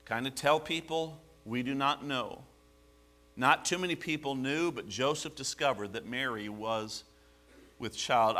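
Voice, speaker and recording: A man preaching a sermon, animated, asking the congregation rhetorical questions. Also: mid-range voice. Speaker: pastor.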